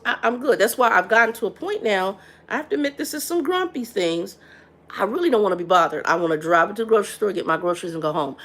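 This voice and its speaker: A middle-aged woman hosting a casual livestream chat, frank and blunt, often stumbling and repeating words as she talks. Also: medium pitch. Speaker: livestream host.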